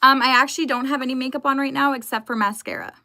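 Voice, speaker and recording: A woman's voice: high-pitched, fairly even intonation, fast, vocal fry, pushed and bright. A young woman live streaming from home, chatting casually and greeting her viewers by name.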